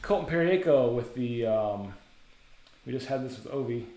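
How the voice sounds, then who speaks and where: A man's voice: medium pitch, expressive, normal speed, dark tone. Male card-break host, casual rattling delivery, echoey room. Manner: casual, chatty, rattles off names. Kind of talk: live card-break commentary.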